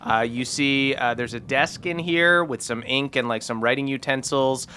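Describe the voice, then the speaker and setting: A man's voice: medium pitch, normal speed, sharp tone, slight background noise. A man running a tabletop game as game master, narrating in an easygoing way with frequent fillers. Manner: easygoing, laughs often, filler-heavy narration.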